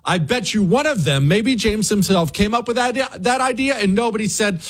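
A man's voice: high voice, animated, moderate pace. A man hosting a talk show, delivering an emphatic, sarcastic opinion monologue. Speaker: radio show host.

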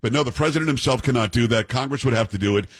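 Into a studio microphone, a talk radio host delivers a rapid, blunt, opinionated monologue. His voice is medium-pitched and slightly rough.

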